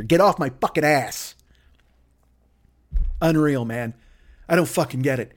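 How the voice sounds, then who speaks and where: Profane ranting man, high voice. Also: a little slow, pauses often. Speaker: podcast host. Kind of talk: profane comedic rant.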